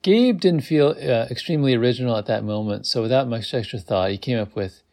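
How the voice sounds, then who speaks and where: A man's voice: mid-range voice, brisk, a little mellow. A man reading a novel aloud, amused, who stops to comment on the text. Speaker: reader.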